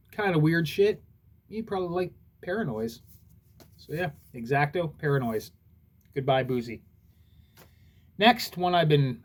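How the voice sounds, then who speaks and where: A man casually reviewing records in a laid-back, rambling way, with lots of fillers and the odd swear word. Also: medium pitch.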